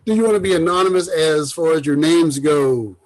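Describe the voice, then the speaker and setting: A man hosts a casual podcast with his cousins, chatting loosely and rambling with lots of fillers. His voice is slightly high and fairly quick, and the audio quality is poor.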